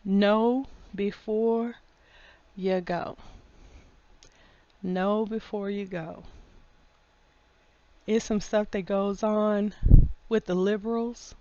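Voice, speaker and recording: A woman in a casual opinion monologue, folksy and full of endearments, laughing often and getting loud when worked up. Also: medium pitch, steady tone, extremely slow, pauses often, muffled recording. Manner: folksy, drawls endearments like honey and baby. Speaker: vlogger.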